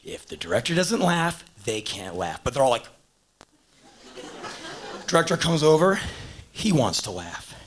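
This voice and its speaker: A man, telling stand-up stories on stage and acting out characters with sudden shouts. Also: big pitch swings, measured pace, pauses often. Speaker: stand-up comedian. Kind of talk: stand-up storytelling. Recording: low-quality VHS tape of a live show.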